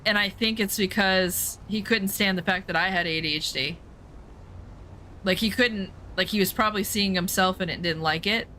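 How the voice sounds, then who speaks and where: A woman's voice: mid-range voice, moderate pace, bright, forceful tone, slight background noise. A woman streamer talking candidly in casual chat while playing a game, rambling with lots of fillers.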